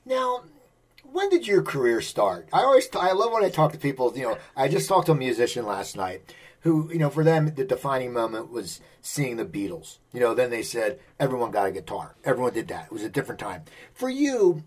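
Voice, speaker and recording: Husky-voiced male interviewer. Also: mid-range voice, sing-song, a little fast. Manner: rambling long questions. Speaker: interviewer, host. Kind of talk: interview questions.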